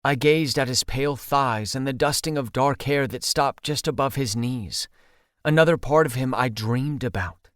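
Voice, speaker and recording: Male audiobook narrator, mid-range voice, steady intimate read, dry booth sound. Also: medium pitch, normal speed, dry recording. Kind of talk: first-person audiobook narration.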